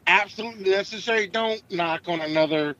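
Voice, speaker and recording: Profane middle-aged trucker telling road stories. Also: male voice, high voice, brisk, highs cut off. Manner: profane, animated, acts out voices in stories. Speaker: truck driver. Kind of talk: casual podcast storytelling.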